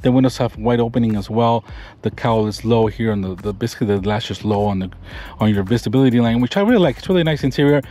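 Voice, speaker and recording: A man's voice: mid-range voice, quick pace, mellow. A man presenting a car review vlog, walking around and sitting inside a pickup truck. He points out details with enthusiasm and rambles, often restarting his sentences. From Florida. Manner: enthusiastic, rambling show-and-tell with frequent restarts.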